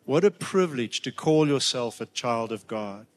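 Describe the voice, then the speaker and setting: A man preaching a heartfelt sermon, emotional at times, with halting restarts and rising emphatic peaks. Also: mid-range voice, expressive, soft background music.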